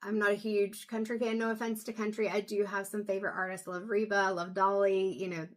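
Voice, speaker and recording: A woman doing an intuitive reading, talking to camera in a soft, halting way with many pauses and low energy. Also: flat delivery. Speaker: intuitive reader. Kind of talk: casual talk to camera.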